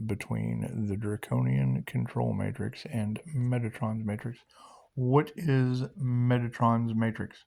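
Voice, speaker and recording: Gravelly man rambling about spirituality. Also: mid-range voice, fairly even intonation, measured pace. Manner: loose, repetitive, laughs often, swears; drops to a hushed guiding tone for meditation cues. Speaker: spiritual video host.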